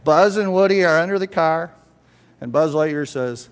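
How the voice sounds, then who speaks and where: An older man preaches in a conversational way, often asking the room whether they follow. His voice sits high for a man, and a long church reverb trails after every phrase. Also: steady tone, normal speed. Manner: conversational, checks in with the congregation often. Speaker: pastor. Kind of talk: sermon. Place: church sanctuary.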